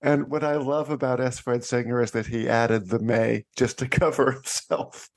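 A man's voice: medium pitch, flat delivery, moderate pace. A man, an author and interview guest, telling stories in a wry way and often breaking into laughter. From United States. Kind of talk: conversational interview.

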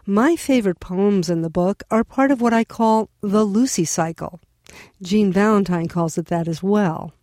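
Woman radio host, mellow voice. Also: medium pitch, normal speed, no room sound, clean studio sound. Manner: scripted introduction, gentle questions. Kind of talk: radio interview.

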